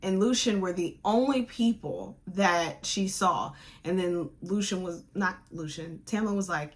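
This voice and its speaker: A woman hosts a book club podcast, retelling a plot in a casual, slangy, digressive way and acting out characters' lines with animation. Her voice is lowish and a little slow, with hardly any pauses.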